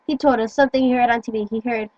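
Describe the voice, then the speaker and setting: A woman's voice: fairly high pitch, steady tone, rapid-fire, a little mellow, no echo, lo-fi sound. Rambling teen girl on a phone. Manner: rambling, many "like"s, stumbles over words. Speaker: teen vlogger. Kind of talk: earnest casual chat.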